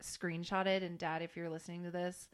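A woman's voice: lowish voice, flat delivery, normal speed, clear, resonant tone. A woman in her twenties co-hosting a casual chat, rambling and laughing often.

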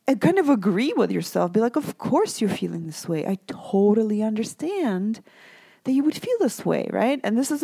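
A woman's voice: mid-range voice, warm tone, no echo. A woman life coach for mothers speaking in a coaching monologue, reassuring, often asking "right?" and "okay?".

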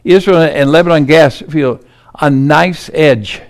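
Guy with a highish voice doing political commentary, emphatic, keeps climbing to urgent peaks. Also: slow pace. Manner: talks over on-screen maps and headlines.

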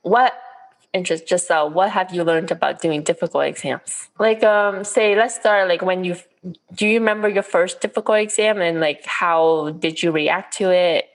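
A woman's voice: lowish voice, moderate pace. A woman co-hosting a casual podcast, upbeat and chatty with lots of fillers. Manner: upbeat, laughs often, many fillers. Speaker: podcast co-host.

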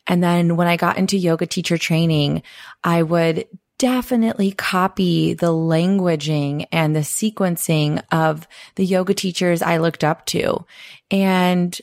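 A woman's voice: lowish voice, no echo. A woman co-hosting a podcast in easy, casual conversation, talking about her own experience. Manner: relaxed conversational, fillers and laughs. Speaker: podcast co-host.

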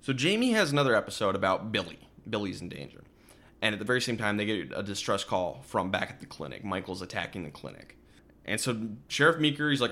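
A man with a somewhat low voice hosts a casual podcast chat. He walks through a film's plot scene by scene. He briefly acts out what the characters say. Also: big pitch swings, a little fast, bright, forceful tone. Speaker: podcast co-host. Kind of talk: casual movie recap chat.

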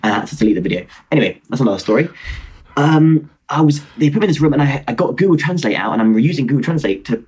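A man's voice: mid-range voice, expressive, rapid-fire, darkish tone, husky. A man in his twenties, from Britain, telling a rambling, self-mocking story over a video call. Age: 20s. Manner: rambling, self-mocking, lots of fillers and restarts. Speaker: guest.

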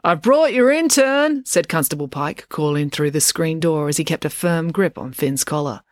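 A woman, a children's author, calmly reading her own book aloud as a bedtime story. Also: sits low, normal speed, no room sound, studio quality.

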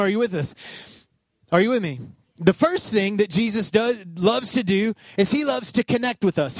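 High-voiced animated male preacher. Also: no echo. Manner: animated storytelling with acted-out voices, calls to the congregation. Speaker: pastor. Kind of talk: sermon.

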